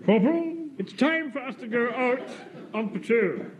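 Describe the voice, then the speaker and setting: A pompous Home Guard captain. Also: male voice, extremely high pitch, expressive, moderate pace, highs cut off, crowd noise. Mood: indignant. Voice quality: pompous, self-important. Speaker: officer reading a radio script. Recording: hissy old radio recording.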